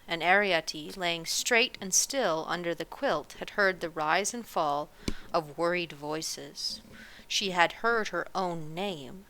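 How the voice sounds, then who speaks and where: A woman narrating a children's book aloud in a gentle, measured reading. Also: fairly low pitch, low-quality recording. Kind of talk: storybook read-aloud.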